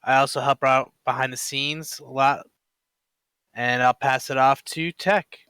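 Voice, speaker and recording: A man, a gaming-guild officer, giving a brief, unhurried introduction on a voice call. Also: medium pitch, steady tone, pushed and bright, smooth, no room sound. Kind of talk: casual group call.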